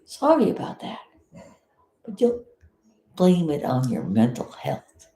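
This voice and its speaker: A woman's voice: deep voice, huge pitch swings, takes it slowly, warm tone, roomy sound. A woman from South Florida giving blunt, indignant live commentary as a vlogger, swearing freely.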